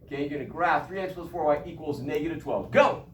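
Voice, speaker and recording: A man's voice: on the high side, fairly even intonation, quick pace, echoey room, a little hiss or hum. A middle-aged man teaching a math class, emphatic and joking, recorded from far off in a classroom. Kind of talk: classroom lecture.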